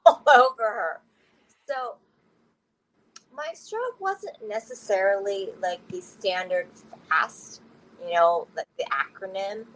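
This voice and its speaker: A woman's voice: mid-range voice, lively intonation, slow pace, long pauses, slight background noise, rough recording. A woman telling her personal story candidly as an interview guest, often laughing through difficult memories.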